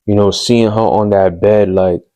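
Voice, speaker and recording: A man's voice: fairly low pitch, steady tone, a little slow. A man telling a personal story on his podcast, candid and rambling, with lots of fillers and street slang. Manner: hushed and subdued later on. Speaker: podcast host.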